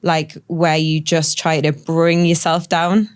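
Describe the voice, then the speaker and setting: A woman calmly explaining health test results to a podcast guest in a reassuring way. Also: low-pitched, slow pace. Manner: calm, reassuring, explains at length. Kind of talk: explanatory conversation.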